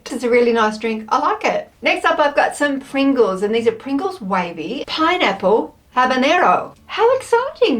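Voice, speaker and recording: A woman with a slightly high, lively voice talks casually to camera as she tries one snack after another. She is expressive and playful, narrating every thought as it comes. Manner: chatty, expressive, thinks aloud; playful, with frequent laughs. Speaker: food taste-test vlogger. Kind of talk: casual chatty taste test.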